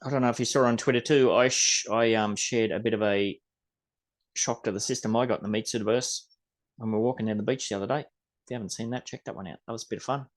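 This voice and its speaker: A man's voice: medium pitch, steady tone, quick pace. A man with an Australian accent hosting a podcast in rambling, casual chat, swearing mildly. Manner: rambling, chatty, mild swearing. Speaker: podcast host.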